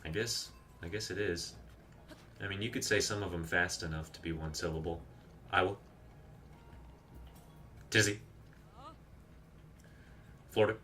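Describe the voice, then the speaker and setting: A man's voice: low-pitched, fairly quick, sharp tone, a little hiss or hum. A man streaming a game live, chatting casually, rambling off on tangents and reading viewer messages aloud. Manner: chatty, rambling, reads chat aloud and explains game tricks. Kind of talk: casual live gameplay commentary.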